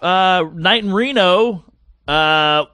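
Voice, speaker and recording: A man's voice: high voice, extremely slow, smooth, no room sound. A man telling stories on a casual comedy podcast, acting out the people in them as he goes. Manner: animated storyteller acting out quotes.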